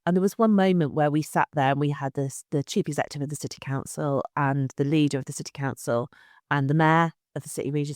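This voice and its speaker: Animated woman, dry recording. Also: low-pitched, dry recording. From England. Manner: animated, repeats words as she restarts. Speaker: city culture director, guest. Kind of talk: conversational interview.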